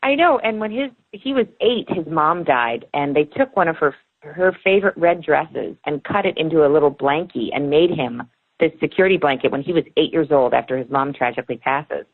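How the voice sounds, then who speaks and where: A woman in her forties, a book author, telling personal stories in an animated way in a podcast interview. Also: deep voice, a little fast. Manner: animated storyteller, acts out dialogue. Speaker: author guest. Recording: tinny phone line.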